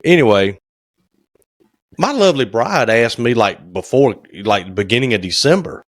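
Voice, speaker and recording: A man's voice: lowish voice, expressive, normal speed, no echo, studio quality. A man, co-hosting a casual podcast chat and acting out phone calls as he tells stories. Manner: folksy storyteller, acts out phone calls. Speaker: podcast co-host, cabinet maker.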